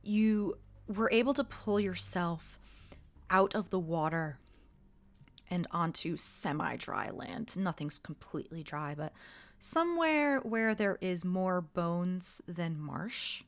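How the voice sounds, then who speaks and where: A woman running a tabletop role-play game, describing scenes in a slow, measured way. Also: fairly low pitch, expressive. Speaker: game master.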